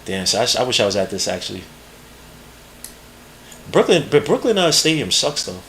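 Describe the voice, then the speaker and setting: A man hosting a podcast and giving live, rambling, slang-heavy draft commentary. He is excitable and jumps quickly from one thought to the next. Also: medium pitch, slight background noise. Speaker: podcast host.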